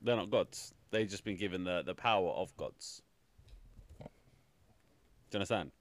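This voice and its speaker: A man hosting a film review podcast, talking in an animated, exasperated way and swearing often. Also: low-pitched, moderate pace, no room sound. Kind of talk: casual chat.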